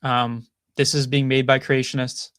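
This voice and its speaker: A man's voice: medium pitch, flat delivery, normal speed, a bit bright, clear, resonant tone, no echo, studio quality. A man hosting a casual commentary show, thinking aloud with frequent restarts and hedges. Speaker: podcast host.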